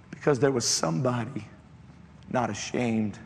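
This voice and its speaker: A man preaching a sermon built on a personal testimony, telling the story in an impassioned way that climbs into shouted appeals. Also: lowish voice, steady tone, normal speed, long pauses. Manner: impassioned, rising to shouted exhortation. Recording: echoey hall, faint background noise.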